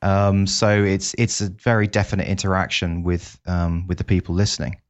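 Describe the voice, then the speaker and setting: A man's voice: sits low, moderate pace. A man co-hosting a podcast, chatting casually and eagerly laying out his plans. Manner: lively, eager to share plans. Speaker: podcast co-host. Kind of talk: casual chat. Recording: dull lo-fi sound.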